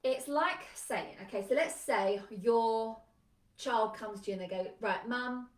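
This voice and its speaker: A woman business coach giving an energetic, emphatic live talk, chatty and full of "like". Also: on the high side, a little slow. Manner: energetic, emphatic, conversational with lots of "like". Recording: echoey room, a bit far from mic.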